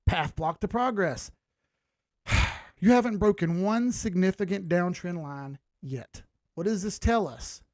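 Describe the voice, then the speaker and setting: A man with a high, darkish voice speaks at an unhurried pace on a dry recording. Hosting a live stream as a crypto chart analyst, he takes viewers through a chart casually and chattily, cracking jokes and throwing out rhetorical questions.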